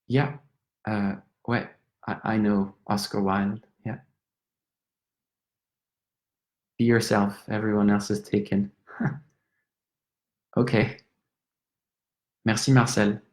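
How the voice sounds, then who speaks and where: A man with a French accent playing a drunk, apologetic young Frenchman in a stage monologue, rambling and stumbling over his words. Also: lowish voice. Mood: rueful. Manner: rambling, stammering, switches between English and French. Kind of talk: theatrical monologue. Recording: roomy echo.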